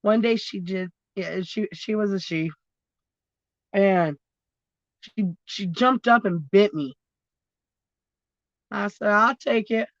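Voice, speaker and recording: A woman's voice: medium pitch, slow pace, long pauses, dry recording, dull audio. A woman chatting casually on a phone livestream, rambling between topics, swearing freely and laughing often. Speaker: livestream host.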